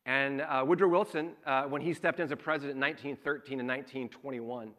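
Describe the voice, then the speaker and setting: A man's voice: mid-range voice, steady tone, fast, a bit bright. A man, preaching a sermon as a pastor and telling a personal story in a conversational way, acting out quoted lines.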